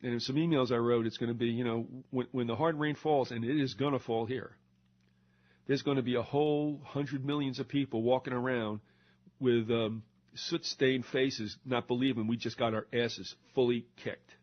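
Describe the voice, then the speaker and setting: A man's voice: medium pitch, fairly even intonation, normal speed. An older man hosting a talk show, ranting in a sarcastic, indignant monologue with mocking asides. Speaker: radio talk show host. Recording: dull lo-fi recording.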